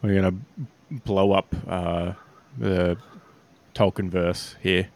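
A man co-hosting a casual podcast, throwing in questions and quick agreement. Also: low voice, flat delivery, darkish tone. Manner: eggs others on, quick agreeing interjections. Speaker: podcast co-host. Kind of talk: casual chat.

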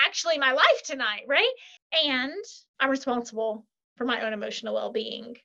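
Woman guest coach, high voice, lively, plays out quotes; lo-fi muffled audio. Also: creaky. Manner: animated, quick, acts out quoted dialogue. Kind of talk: casual interview talk.

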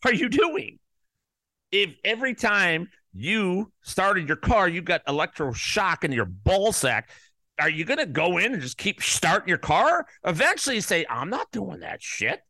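A man's voice: high voice, sing-song, moderate pace, dry recording, studio quality. Profane, heated man ranting. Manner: profane, heated, jumps to loud peaks. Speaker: podcast host. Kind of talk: ranting solo podcast monologue.

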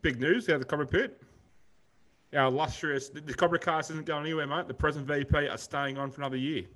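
A man's voice: on the high side, fairly even intonation, quick pace, a bit bright. A man with an Australian accent co-hosting a podcast, chatting in a rambling, laid-back way and calling his co-host mate. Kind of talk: casual chat.

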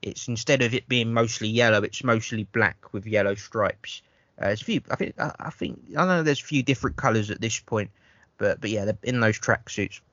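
A man talks through a film in loose, swearing podcast chat, tripping over restarts as he goes. His voice is bright and forceful. The sound is dull and lo-fi, and dry up close. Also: lowish voice, a little fast, no room sound. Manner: rambling, profane, stammers on restarts. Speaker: podcast host. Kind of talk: casual film review chat.

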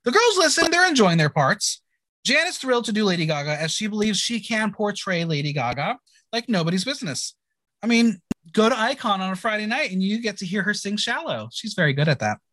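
A man's voice: high voice, sing-song, a little fast, pushed and bright, dry recording. A man hosting a casual recap chat, playful and theatrical, teasing his co-host. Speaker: podcast host.

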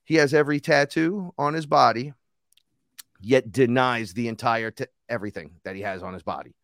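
A man's voice: mid-range voice, moderate pace, dry recording. Profane storytelling man, dry close sound. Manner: animated, profane, acts out other people's voices. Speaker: podcast guest, rapper and shaman. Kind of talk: casual storytelling conversation.

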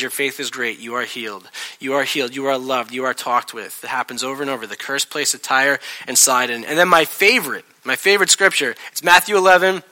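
A man delivers a sermon to his church, his voice bright and slightly high. He tells stories with animation, slipping into the voices of the people in them. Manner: animated storytelling, acting out voices. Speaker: pastor.

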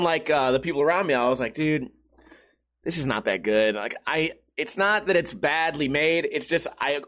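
A man's voice: medium pitch, fairly bright tone. A man hosting a podcast, telling a rambling, profane, self-mocking story in a casual monologue while sweating in a hot room. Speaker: podcast host.

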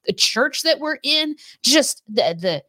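A woman co-hosting a faith show, talking casually with her husband, animated and quick to laugh. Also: high voice, no echo. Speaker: co-host of a faith teaching show.

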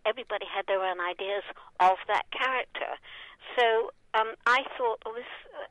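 An older actress as a guest, telling rambling stories full of fillers and laughter. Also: female voice, mid-range voice, normal speed, a bit bright, dry recording, low-quality recording. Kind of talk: anecdotal interview storytelling.

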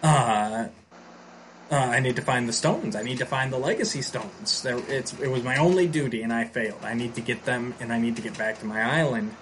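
A man retelling a story who voices an impulsive, quick-to-anger young male warrior. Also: mid-range voice, fairly bright tone, a little hiss or hum, lightly acted. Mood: urgent. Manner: angry, demanding.

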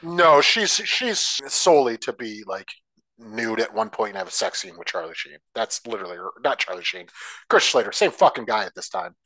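A man's voice: fairly low pitch, very animated, moderate pace, sharp tone, no room sound. A man co-hosting a podcast, giving blunt, profane, sarcastic opinions on a film in casual chat. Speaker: podcast co-host.

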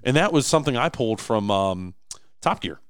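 A man's voice: mid-range voice, brisk, clean tone, dry recording, clean studio sound. A man co-hosting a casual podcast, talking emphatically with many restarts. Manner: animated, emphatic, frequent restarts. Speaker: podcast co-host, business owner.

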